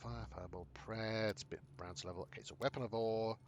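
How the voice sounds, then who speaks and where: A man's voice: fairly low pitch, steady tone, fast, a little hiss or hum. A man thinking aloud as he plays a video game, hesitant with many fillers. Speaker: streamer playing a video game. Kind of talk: casual gameplay commentary.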